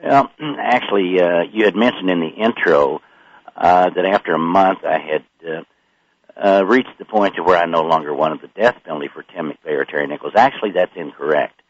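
An older man with a very low voice talks as a radio guest, halting and filling gaps with hesitations. The sound is dry and a little muffled, like an older radio recording. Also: dry recording. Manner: halting, many pauses and fillers. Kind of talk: radio interview.

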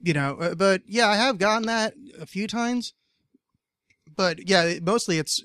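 A man's voice: sits high, unhurried, a bit bright, dry recording, clean studio sound. A man from New Jersey hosting a casual podcast chat, rambling and profane, stammering through many restarts. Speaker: podcast host.

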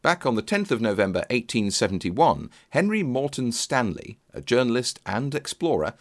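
Wry male narrator introducing sketches, lively intonation. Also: medium pitch, moderate pace. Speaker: podcast host narrator. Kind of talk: scripted narration linking sketches.

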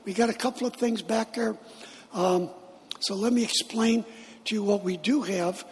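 A middle-aged man, a guest speaker, telling stories in a lively sermon and laughing as he goes. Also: high voice, normal speed. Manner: animated, laughing as he tells it. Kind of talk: storytelling sermon. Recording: long hall reverb.

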